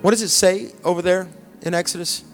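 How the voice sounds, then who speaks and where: A middle-aged male pastor preaching a conversational sermon, joking and dropping to hushed, sighing asides. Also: sits high, steady tone, fairly quick. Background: soft music.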